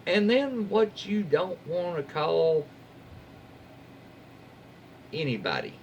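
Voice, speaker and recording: A man narrates internet stories in an easygoing, chatty way, his pitch rising and dipping with a lively swing. He keeps cutting in with folksy, wry remarks and jokes he censors himself, while a faint hum sits behind him. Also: takes it slowly, gravelly, highs cut off. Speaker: YouTube host reading Reddit stories. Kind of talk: casual story reading with commentary.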